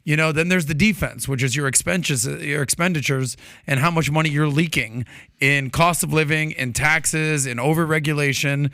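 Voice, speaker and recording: Bright-voiced podcast co-host. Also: male voice, on the high side, moderate pace, dry recording, studio quality. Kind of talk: casual podcast chat.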